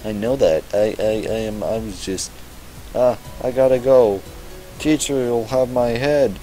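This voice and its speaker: A hurried, apologetic schoolgirl, as a man reads her lines. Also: mid-range voice, soft background music, close to an everyday voice, poor audio. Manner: reads aloud flatly in own voice. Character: energetic young female student, apologetic.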